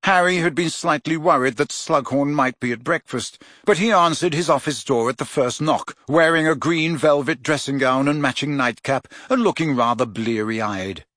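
A man narrating an audiobook with expressive storytelling. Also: fairly high pitch, moderate pace, hardly any pauses, no room sound, clean studio sound. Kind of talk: scripted narration.

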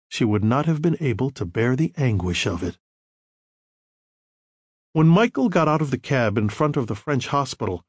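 A man narrating a novel as an audiobook, in measured, expressive storytelling. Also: mid-range voice, slightly rough, dry recording, studio quality. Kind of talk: scripted narration.

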